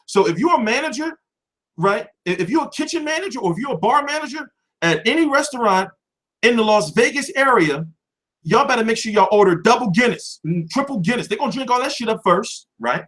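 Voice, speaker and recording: Animated man in profane casual rant. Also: very high voice, brisk. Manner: loose, profane, rhetorical questions. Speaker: boxing show host. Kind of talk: casual livestream commentary.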